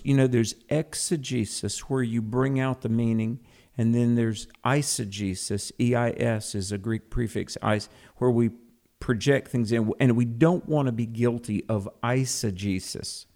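A man's voice: medium pitch, a little mellow. A man co-hosting a conversational Bible teaching, earnest, explaining terms and often repeating words as he starts a thought.

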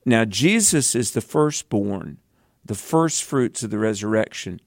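A man with a Southern US accent, co-hosting a Bible teaching program and explaining scripture in an animated, earnest way with emphatic bursts. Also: fairly low pitch, measured pace, no room sound, studio quality. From American South.

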